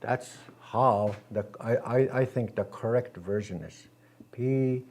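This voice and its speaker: A man teaching a language class, patient and gentle, repeating words slowly with many halting restarts. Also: medium pitch.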